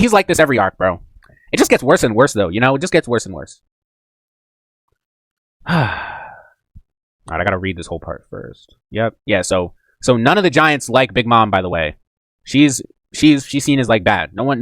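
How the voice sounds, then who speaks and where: A man's voice: lowish voice, fairly bright tone, no echo. A man casually reacting to a manga chapter, slangy and joking, jumping in and out of character voices.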